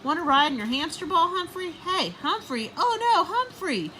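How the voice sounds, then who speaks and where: Woman voicing a young boy, storybook, shrill, insistent, high and bouncy. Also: sing-song, normal speed, bright, forceful tone, a little hiss or hum, exaggerated voice, poor audio. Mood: calling.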